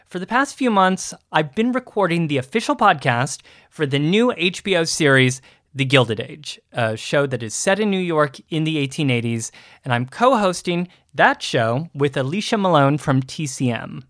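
A man's voice: on the high side, animated, moderate pace, a bit bright, dry recording, studio quality. A man co-hosting a history podcast, chatting eagerly and bantering with his partner. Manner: upbeat, eager, friendly banter. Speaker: podcast co-host. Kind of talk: casual podcast chat.

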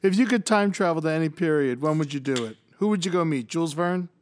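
A woman's voice: deep voice, quick pace, a little mellow, slight background noise. A woman co-hosting a casual talk show, curious and full of follow-up questions. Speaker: co-host. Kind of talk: casual chat.

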